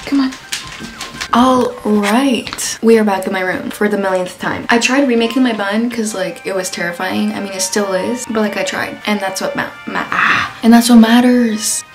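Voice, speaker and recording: A teenage girl talks to a camera on a tripod in her bedroom late at night. Her voice sits mid-range, and she is chatty and self-mocking, often sinking into a hushed whisper. Soft music plays faintly underneath. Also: mid-range voice, moderate pace, low-quality recording. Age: teens. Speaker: vlogger. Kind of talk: casual late-night vlog chat.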